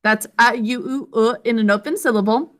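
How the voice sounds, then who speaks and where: A woman teaching an online reading lesson over a video call, sounding out words slowly and clearly syllable by syllable. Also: fairly high pitch.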